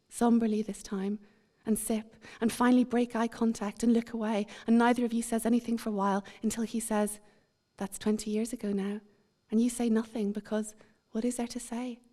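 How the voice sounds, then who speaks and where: A woman giving a measured, introspective literary reading at a seminar. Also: fairly high pitch, mellow. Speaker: author reading.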